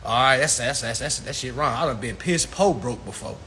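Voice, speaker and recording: A man ranting casually to viewers on a phone livestream, animated, profane and preachy. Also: mid-range voice, normal speed, a little hiss or hum. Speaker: livestream host.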